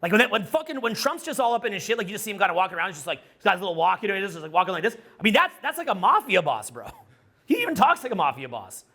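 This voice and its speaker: A middle-aged social skills coach delivers a casual, profane, rambling talk to a live audience. He's loud and excitable, with a high-pitched voice that races along.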